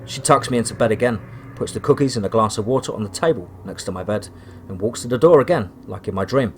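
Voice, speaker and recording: A man narrates a first-person horror story at a steady, measured pace, his voice sitting at an ordinary middle pitch. A faint hiss of noise runs under the reading.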